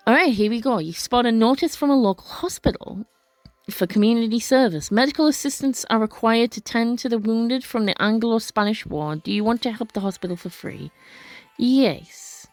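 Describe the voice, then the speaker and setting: Faint music plays behind this let's play narrator, a woman with a voice on the high side who reads a story game aloud at normal speed with no echo. She chats casually, trips over words, and frequently corrects herself.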